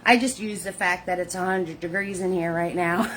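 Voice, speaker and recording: A woman leading a live painting lesson, chatty and warm with viewers, greeting them by name in sing-song hellos. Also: fairly low pitch, fairly even intonation, normal speed, slight background noise. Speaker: painting instructor.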